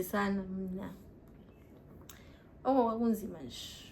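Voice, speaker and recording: A woman's voice: mid-range voice, normal speed. A young woman vlogging casually, a bit tipsy, chatting and telling stories while she answers viewer questions. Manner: chatty, animated storytelling, mixing English and local words.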